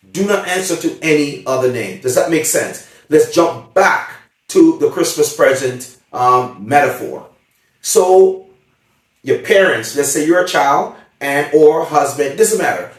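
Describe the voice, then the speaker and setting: Emphatic man speaking in an echoey room. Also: fairly high pitch. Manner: emphatic, checks in with the audience often. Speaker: motivational speaker. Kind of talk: seminar talk. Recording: very echoey room, far from mic.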